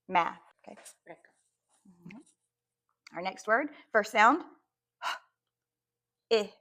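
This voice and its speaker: Woman teacher slowly sounding out phonemes. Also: mid-range voice, fairly bright tone. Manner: slow, sound-by-sound modeling of phonemes. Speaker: second-grade teacher. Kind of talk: phonics lesson for parents.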